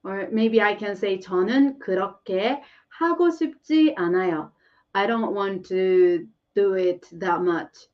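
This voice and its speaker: A woman's voice: mid-range voice, brisk, recorded from a distance, highs cut off. A woman whose first language is Korean, teaching a live online lesson and answering viewer questions, laughing often and repeating phrases.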